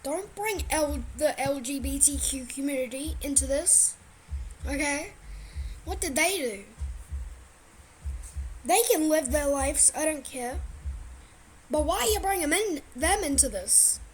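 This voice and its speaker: Aussie woman, high voice, blunt and excitable reaction chat, swears a lot. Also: measured pace, pauses often, slight background noise, low-quality recording. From Australia. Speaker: reaction vlogger. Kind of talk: casual reaction commentary.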